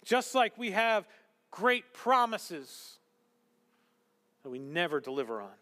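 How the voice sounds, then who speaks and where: Animated preacher in an echoing hall. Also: male voice, high voice, takes it slowly. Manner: animated, acts out quotes with shifts to hushed whispers. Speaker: pastor. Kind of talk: sermon.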